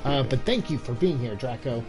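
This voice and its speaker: Young male streamer, congested and exhausted, mid-range voice, hushed so he won't wake a roommate, loose rambling delivery. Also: medium pitch, lively intonation, fairly quick, music in the background, poor audio. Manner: keeping his voice down, rambling with many fillers. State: stuffed up with a cold. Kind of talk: casual game-stream chat. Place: home room at night.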